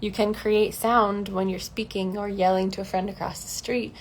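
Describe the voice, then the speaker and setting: A woman's voice: medium pitch, level tone, normal speed, a little hiss or hum. A woman vocal coach talking casually and candidly in a livestream lesson, laughing often and acting out the voices in her head.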